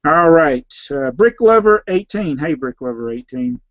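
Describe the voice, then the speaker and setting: A man with a Southern US accent, a slightly hoarse YouTube host who reads out viewer names and questions and answers them in a rambling, offhand way. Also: a little high, lively intonation, unhurried, no room sound, lo-fi sound. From Southern United States. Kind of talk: casual live Q&A.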